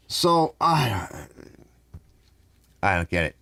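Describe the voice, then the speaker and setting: A man's voice: medium pitch, very animated, normal speed, fairly bright tone, no echo. A middle-aged man hosting a casual garage live stream, rambling and ranting while answering his viewers' chat. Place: home garage.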